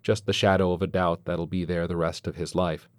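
A man narrates a story in a deep, low voice. The sound is close and dry with no room around it. He keeps a steady storyteller's pace. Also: fairly quick, no room sound. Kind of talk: scripted narration.

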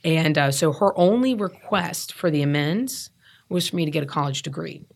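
A woman's voice: sits low, normal speed, creaky. A woman in her thirties, a guest telling her recovery story in an earnest, emphatic way, often repeating herself to stress a point. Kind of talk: candid personal storytelling.

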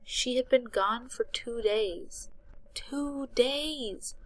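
A woman's voice: on the high side, extremely slow, poor audio. Woman narrating an audiobook.

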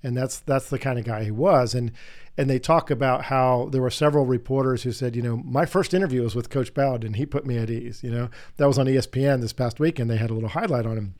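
A middle-aged man hosting an interview, telling long, animated anecdotes in a casual, rambling way. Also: mid-range voice, fast. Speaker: podcast host.

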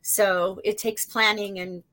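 A woman in her fifties, a guest on a podcast, talking in a warm, affirming, conversational way. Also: mid-range voice, flat delivery, slow. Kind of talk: casual interview conversation.

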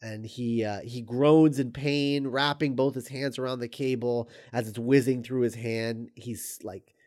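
A man's voice: mid-range voice, fairly even intonation, unhurried, a little mellow. Rambling man retelling a story. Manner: rambling, hesitant, full of ums and restarts; amused, chuckles while recounting. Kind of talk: casual retelling of a screenplay.

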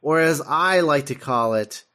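A man's voice: fairly high pitch, expressive, unhurried, bright, forceful tone. A man co-hosting a podcast in casual chat, dropping dry quips and corrections. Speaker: podcast co-host.

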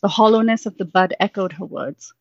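A woman summing up her story, then reading it aloud as storybook narration in a soft, unhurried way. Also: medium pitch, no room sound. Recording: dull, dry sound.

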